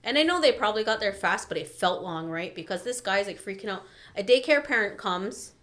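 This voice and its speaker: A woman on a podcast telling a story in casual chat, animated and profane, acting out the people she quotes. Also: mid-range voice, fairly quick. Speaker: podcast guest, daycare teacher.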